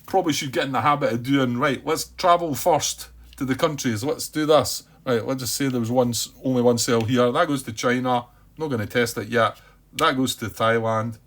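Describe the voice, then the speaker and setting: A man talks through a solo board game, reasoning aloud in a hesitant, self-questioning way. He repeats words as he goes and tells himself to calm down by name. His voice sits at an ordinary, middle pitch. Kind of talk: thinking-aloud playthrough commentary.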